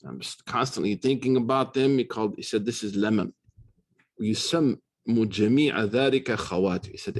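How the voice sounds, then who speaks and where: An American man giving a casual classroom lecture on religious texts, animated and slangy, switching into quick recitation. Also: mid-range voice. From United States. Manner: fast, slangy, animated storytelling with Arabic recitation. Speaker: Islamic studies teacher. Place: university classroom.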